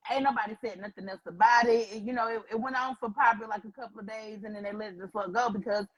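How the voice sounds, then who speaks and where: Woman ranting to viewers, fairly high voice, lots of cussing, casual online chat. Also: quick pace, rough recording. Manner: animated, profane, talks to viewers as y'all. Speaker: co-host.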